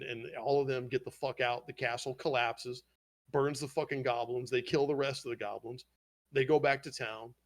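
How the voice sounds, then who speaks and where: A man hosting a podcast, casually swearing as he eagerly retells an anime plot. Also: mid-range voice. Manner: profane, animated storytelling retelling scenes. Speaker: podcast host.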